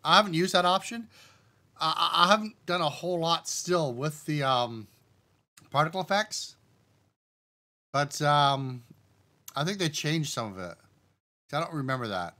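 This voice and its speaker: A man's voice: fairly high pitch, measured pace, long pauses. Man thinking aloud on a live stream. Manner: relaxed, talks himself through settings step by step; addresses the chat directly. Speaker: game developer streaming live.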